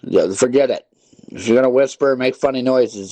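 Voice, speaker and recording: A man's voice: mid-range voice, normal speed, warm tone, no room sound. A male call-in radio host scolding prank callers in an irritated, repetitive way. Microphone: studio mic with headphones.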